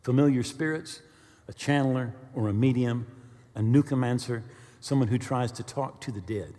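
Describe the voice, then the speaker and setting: A male pastor preaching a sermon, telling stories with animated bursts of quick speech. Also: medium pitch, in a large hall. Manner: animated storyteller, speeds up when excited.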